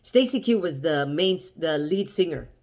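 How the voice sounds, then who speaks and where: Woman, casual storytelling, animated quoting, lowish pitch. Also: normal speed. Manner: chatty, animated quoting of others. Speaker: vlogger.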